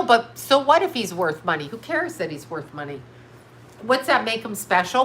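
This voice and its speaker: A woman's voice: mid-range voice, bright, forceful tone, slight background noise. A middle-aged woman hosting a livestream, chatting with viewers in a blunt, rambling, indignant way. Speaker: livestream host reading chat. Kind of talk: casual ranting livestream chat.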